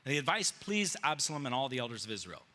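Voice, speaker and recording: Bright, animated man preaching. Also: mid-range voice, fast talker. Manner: animated storytelling, acting out biblical characters with casual slang. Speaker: pastor. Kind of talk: sermon. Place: church sanctuary with slides.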